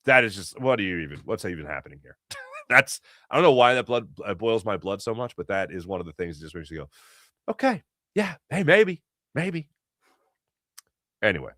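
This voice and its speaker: A middle-aged man from Philadelphia hosting a casual sports talk show, telling animated stories and acting out voices. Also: sits low, quick pace, no room sound, studio quality. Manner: animated storytelling, acts out voices.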